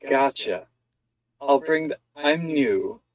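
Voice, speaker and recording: A man's voice: medium pitch, lively intonation, slow, dry recording, low-quality recording. A man playing in a tabletop game, casual and easygoing. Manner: easygoing, laughs often. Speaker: player.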